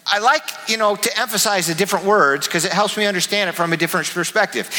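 A man preaching a sermon as pastor, emphatic, repeating his key words and swinging between soft and loud. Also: sits high, quick pace, long reverb tail, poor audio.

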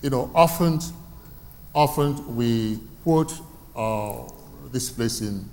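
A man's voice: mid-range voice, takes it slowly, a little mellow. Man preaching with a hall echo. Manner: call-and-response questions, repeating key phrases. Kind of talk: sermon. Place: church hall. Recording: long reverb from a hall, faint ambience.

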